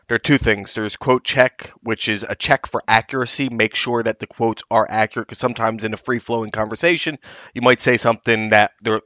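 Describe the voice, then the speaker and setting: A man's voice: lowish voice, dry recording, highs cut off. A man co-hosting a podcast as a reporter, telling stories animatedly and acting out quotes. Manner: animated storyteller, acts out quotes. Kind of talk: casual podcast chat.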